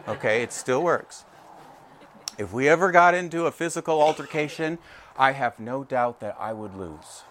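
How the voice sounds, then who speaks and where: A man in his forties preaching in an animated, conversational way who keeps checking in with his listeners. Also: mid-range voice, normal speed, slight background noise. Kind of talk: sermon.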